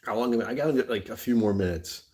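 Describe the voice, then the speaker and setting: A man's voice: lowish voice, very fast, darkish tone. A man hosting a casual livestream from his phone indoors, rambling, joking and laughing often. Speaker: livestream host. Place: indoors on a rainy afternoon.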